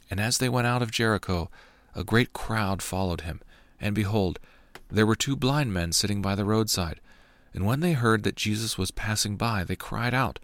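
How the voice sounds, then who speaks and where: A man giving a steady, measured reading of scripture. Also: lowish voice, no room sound. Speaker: scripture reader.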